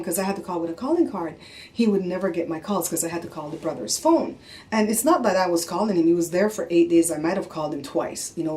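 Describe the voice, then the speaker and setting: A middle-aged woman vlogging, telling a story in a casual, animated and exasperated way and acting out what people said. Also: on the low side. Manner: animated, exasperated, acts out quotes.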